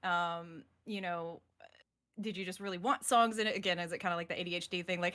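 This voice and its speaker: A woman's voice: on the low side, fairly even intonation, brisk, pushed and bright. A woman hosting a live-stream interview, chatty and gushing, laughing often and asking long, winding questions. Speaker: host.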